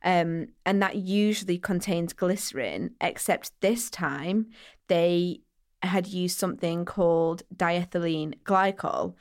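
Woman telling stories, lowish voice. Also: takes it slowly. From England. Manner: animated storyteller, acts out quoted voices. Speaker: podcast co-host. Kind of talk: casual chat.

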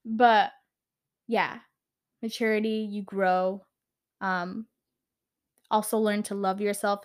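A woman's voice: mid-range voice, little pitch movement, slow. A young woman hosting a solo podcast, talking off the cuff in a rambling way, packing her speech with "like" and swearing now and then. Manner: rambling, heavy "like" filler, swears casually. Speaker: podcast host. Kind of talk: unscripted solo podcast chat.

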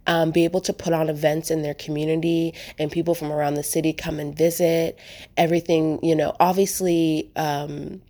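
Low-voiced chatty woman podcaster. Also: darkish tone. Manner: chatty, rambling, frequent "like" and "um", addresses listeners as "y'all". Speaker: travel podcast host. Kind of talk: casual solo podcast monologue.

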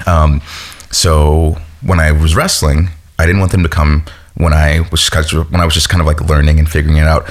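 A young man with an extremely low, deep voice tells stories at an easy pace. He rambles a little and keeps dropping "like" as he talks, in a laid-back way. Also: little pitch movement, a little fast. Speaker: professional wrestler, guest. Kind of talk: casual storytelling chat.

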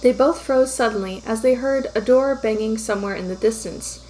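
Woman narrating fan fiction, fairly high voice. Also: brisk, a little mellow, a little hiss or hum, low-quality recording.

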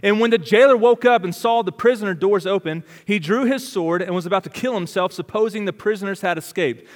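High-voiced man preaching in a reverberant hall. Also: a little fast, hardly any pauses. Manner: dramatic preaching with rhetorical questions, swinging between loud and hushed. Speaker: pastor. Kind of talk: sermon.

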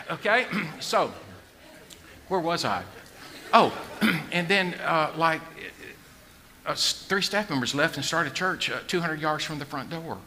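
A middle-aged man preaching a sermon in a folksy, joking way, dropping to a hush and rising to a shout. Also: a little high, slight background noise. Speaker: pastor.

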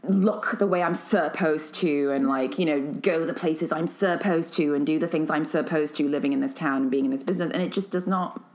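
A woman's voice: low voice, fairly quick, hardly any pauses. A woman from Nigeria, a guest talking candidly and animatedly in casual conversation. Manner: candid, animated, fond of voicing quotes.

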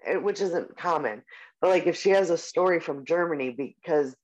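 At a normal speed and in a mid-range voice, this forties-aged podcast co-host rambles through a casual chat, dropping plenty of "like," "um," and casual curses. The recording sounds muffled and lo-fi.

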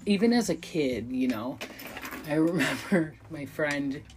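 A woman's voice: low voice, animated, a little slow, background noise. A woman in her thirties hosting her own podcast, rambling casually with frequent ums, restarts and self-deprecating asides. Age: 30s. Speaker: podcast host. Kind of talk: casual solo podcast monologue.

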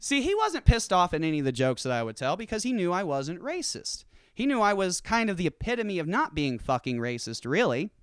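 A man from the American South ranting through a stand-up comedy bit, coarse and foul-mouthed. His pitch leaps around wildly, lifting into loud outbursts and dropping into low asides. The voice is smooth and resonant and sounds close and dry. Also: a little fast, dry recording. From Southern United States. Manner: profane, animated, swinging between loud outbursts and low asides. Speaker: comedian and podcast host.

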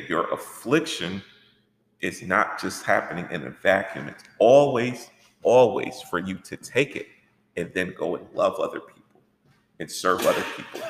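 A man teaching a church workshop in an animated, conversational way, asking rhetorical questions. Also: deep voice. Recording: echoey hall with long reverb.

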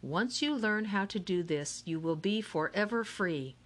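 A woman's voice: medium pitch, expressive, unhurried. A woman voicing a clever, easygoing teenage boy who talks in a casual, matter-of-fact way.

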